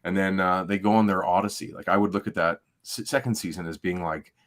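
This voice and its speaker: A man's voice: low voice, steady tone, brisk, a bit bright. A middle-aged man co-hosting a livestream, talking in a rambling, laid-back way with plenty of fillers. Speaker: podcast co-host. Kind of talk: casual livestream chat.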